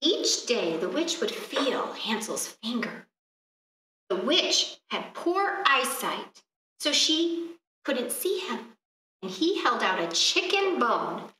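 A woman reading a fairy tale aloud at a library storytime, expressive and asking the children questions along the way, heard from a distance in an echoey room. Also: a little high, takes it slowly.

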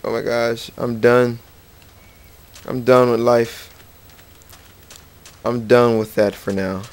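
A man with a mid-range voice narrates his game slowly in a steady tone, with a little hiss or hum on the recording. Hosting a gaming channel, he gives rambling, playful let's play commentary and talks to game characters, while faint game music plays behind him.

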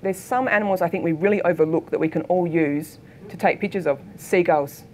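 A middle-aged Australian woman, a photographer giving a keynote talk, telling anecdotes in a lively way and acting out the voices of people in her stories. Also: lowish voice, brisk, slight background noise. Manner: lively storytelling, acts out quoted voices. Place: lecture hall.

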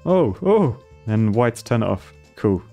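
A man's voice: on the low side, big pitch swings, unhurried, warm tone, faint music behind. A man commentating his gameplay on a stream, thinking aloud and laughing often.

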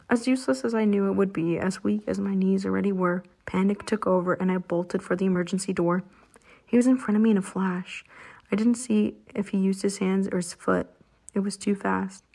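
A woman reading an audiobook in the first person, with tense, steady storytelling. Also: mid-range voice, husky. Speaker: audiobook narrator.

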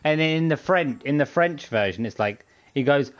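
A man's voice: on the high side, animated, normal speed. A young man chatting casually while playing a game, rambling and playful. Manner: rambling, playful, hums and does silly sound bits. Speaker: gaming streamer. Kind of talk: casual gameplay commentary.

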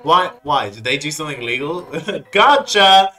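A streamer voicing a loud, brash monster police chief from a video game, barking at a kid with punchy energy. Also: mid-range voice, expressive, normal speed. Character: brash tough fish-woman police chief.

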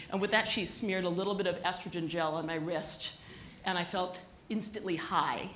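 Bright-voiced woman giving a comic keynote. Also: lowish voice, expressive, moderate pace, a little hiss or hum. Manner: chatty, self-mocking storytelling. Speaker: keynote speaker. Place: conference hall with a live audience. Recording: echoey hall recording.

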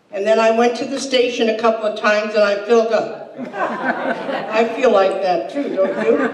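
An older woman hosting a comedy club, telling deadpan one-liners and slipping into quoted voices. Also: a little high, slight background noise. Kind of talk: stand-up comedy. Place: hall with a laughing audience. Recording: echoey hall, distant mic, crowd laughter.

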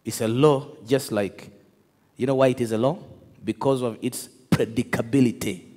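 A man preaching a sermon, telling stories with laughter and shouting out to his congregation. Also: medium pitch, moderate pace. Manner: animated storytelling, laughs, shouts to the crowd. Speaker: pastor. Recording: echoey hall with long reverb.

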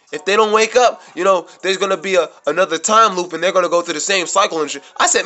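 Speaking straight to camera, a New York City vlogger tells a rambling, profane story, repeating himself and growing more worked up as he goes. His voice sits high, with a quick pace and a bright, forceful tone, in a casual storytelling monologue.

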